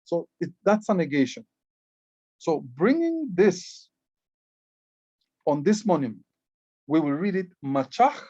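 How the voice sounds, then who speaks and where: A Belizean-accented man talks through a presentation on ancient glyphs, earnest and patient, often doubling back on his words. His voice sits a little high for a man. The sound is dry and somewhat dull, like a close mic with muffled highs. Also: sing-song, unhurried, pauses often, a little mellow, no echo. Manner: earnest, repeats words while explaining. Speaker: Maya writing club educator and guide. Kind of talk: presentation explaining hieroglyphs.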